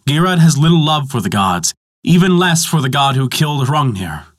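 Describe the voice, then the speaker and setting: A man's voice: on the high side, big pitch swings, normal speed. A man voicing a giantess who speaks sharply and insistently as she warns her guest. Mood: urgent. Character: sharp-tongued giantess, wary and urgent.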